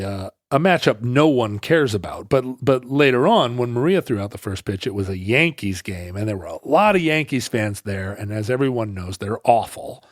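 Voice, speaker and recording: A man tells rambling stories as a podcast co-host, stopping and restarting as he goes. His pitch rises and falls with lively swings. The sound is dry and close. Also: no echo. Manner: rambling, animated storyteller with many restarts. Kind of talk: casual chat, storytelling.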